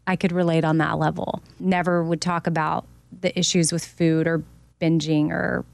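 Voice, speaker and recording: A middle-aged woman with a low, gravelly voice speaks openly and personally, often stopping and starting again. The sound is dry and close. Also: level tone, no room sound. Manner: open, personal, halting. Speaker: radio co-host. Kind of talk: casual podcast chat.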